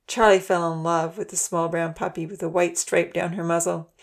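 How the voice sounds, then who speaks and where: Woman narrating a children's story, low voice. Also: flat delivery, normal speed, gravelly.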